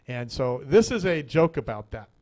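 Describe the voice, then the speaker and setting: A man's voice: medium pitch, big pitch swings, moderate pace, darkish tone. A man hosting a radio talk show, chatting casually and telling a rambling joke, laughing often and repeating words as he goes. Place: radio studio.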